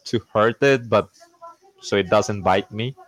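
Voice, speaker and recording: A man playing a tabletop game as one of the players, laid-back and quick to laugh. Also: lowish voice, dry recording, low-quality recording.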